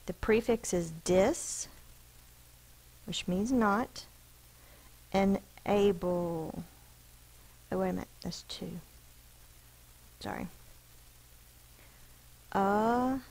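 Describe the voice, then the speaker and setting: A woman's voice: mid-range voice, fairly even intonation, drawn-out words, vocal fry, long pauses, darkish tone, rough recording. A woman teacher giving a recorded spelling lesson, patiently explaining rules and sounding out each letter and syllable.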